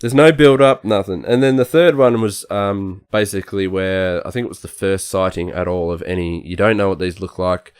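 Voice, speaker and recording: Man, low voice, easygoing chat, dry close mic. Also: moderate pace, hardly any pauses, clear, resonant tone, no echo. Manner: easygoing, laughs often, trails off mid-sentence. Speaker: podcast co-host. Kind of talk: casual chat.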